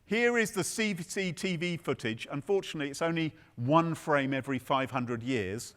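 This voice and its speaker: A man's voice: a little high, normal speed, fairly bright tone. A man giving a humorous conference keynote on stage, telling a story with playful, theatrical asides. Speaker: keynote speaker. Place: conference stage before an audience.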